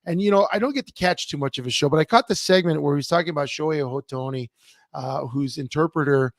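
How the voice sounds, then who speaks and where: Man co-host, animated storyteller, slightly high voice, dry sound. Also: fast, dry recording. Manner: animated storyteller, many fillers and restarts. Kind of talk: casual sports talk show chat. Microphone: remote computer mic.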